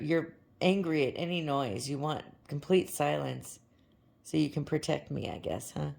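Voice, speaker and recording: A woman vlogging to her camera from her couch at home, chatting in a rambling way, her voice crackly and hoarse. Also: sits low, a little slow, a little mellow. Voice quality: gravelly. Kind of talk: casual chat to camera.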